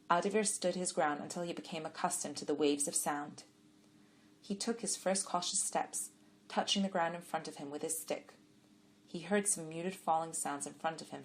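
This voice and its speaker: A woman reads a story aloud in a calm, measured way. Her voice sits on the low side for a woman, steady and unhurried. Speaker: audiobook narrator. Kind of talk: scripted narration.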